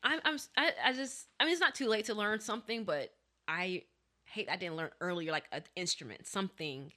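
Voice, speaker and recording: A young woman who talks fast and animated, chatting casually as a podcast co-host. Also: medium pitch. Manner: fast-talking, animated, self-deprecating. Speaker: co-host, daughter. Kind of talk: casual chat.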